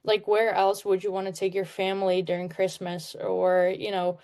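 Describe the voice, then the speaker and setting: A woman's voice: mid-range voice, monotone, normal speed, a little mellow. Chatty young woman from Czech Republic. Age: 20s. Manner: chatty, lots of "like", upbeat. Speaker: guest, hockey player. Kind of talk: casual interview chat.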